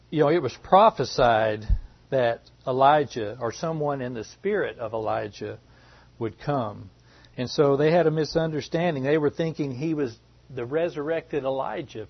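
A man preaching a sermon as pastor, deliberate and emphatic with frequent fillers. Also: mid-range voice. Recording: dull lo-fi recording.

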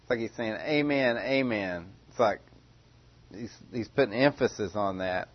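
A man's voice: on the low side, moderate pace, slightly rough, muffled recording. A man preaching a sermon in a conversational, questioning way, often restarting his phrases.

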